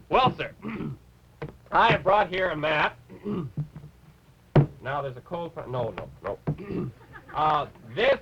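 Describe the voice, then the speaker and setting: A man voicing a bumbling male rabbit puppet who gives a lecture, halting and clearing his throat. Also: a little high, muffled recording, noisy background, exaggerated voice. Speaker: puppet character on a TV show.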